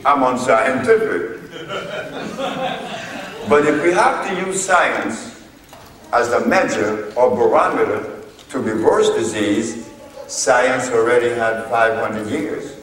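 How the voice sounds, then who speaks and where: A man lecturing an audience as a herbalist, telling a courtroom story in a slow, deliberate way and laughing at his own tale. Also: mid-range voice, fairly bright tone. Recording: echoey hall, mic far off, faint noise.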